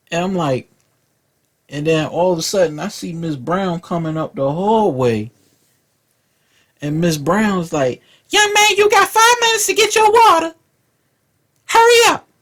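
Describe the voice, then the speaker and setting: A man's voice: a little high, husky. A man telling a profane, rambling story from his school days in a casual rant, often repeating words. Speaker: vlog host.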